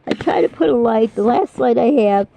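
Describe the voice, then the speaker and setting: A woman's voice: a little high, animated, normal speed, creaky, mellow, slight background noise. An older woman vlogger chatting casually and rambling, apologetic and self-deprecating, talking through pain in her mouth. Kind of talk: casual chat. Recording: dull lo-fi dry sound.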